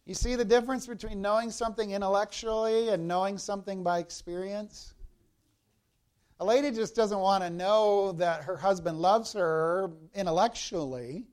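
A man's voice: high voice, moderate pace, darkish tone. A man preaching a sermon as a pastor, explaining a Bible passage verse by verse and speaking directly to the congregation.

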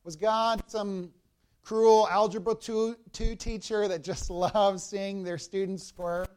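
A man's voice: high voice, steady tone, slow, darkish tone, smooth. A man preaching a sermon as a pastor, explaining a Bible passage verse by verse and speaking directly to the congregation.

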